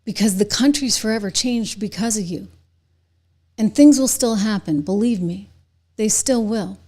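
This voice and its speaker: Woman, political commentary host, opinion monologue, indignant, talks straight to viewers, mid-pitched voice. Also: normal speed. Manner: indignant, rises to loud emphatic outbursts; speaks directly to viewers.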